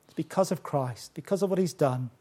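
Emphatic older male preacher, warm voice. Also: on the high side. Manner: emphatic, with slow deliberate stresses. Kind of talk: sermon.

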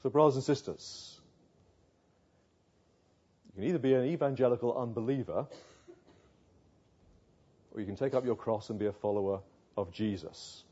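Earnest preacher, muffled recording. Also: male voice, medium pitch, moderate pace, long pauses, mellow, breathy edge. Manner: earnest, rhetorical questions, builds to emphatic passages. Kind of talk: sermon. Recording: muffled lo-fi sound.

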